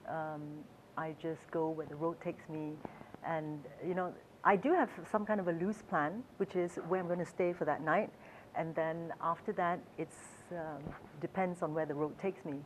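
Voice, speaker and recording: A woman's voice: sits low, fairly even intonation, moderate pace, slight background noise, poor audio. A woman who is a travel author, telling stories in a chatty, hesitant way with fillers and frequent laughs. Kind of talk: storytelling talk.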